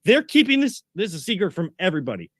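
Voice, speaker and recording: A man's voice: high-pitched, big pitch swings, fast talker, fairly bright tone, no echo, clean studio sound. A man co-hosting a sports talk show, ranting and getting worked up as he makes his point. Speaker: co-host.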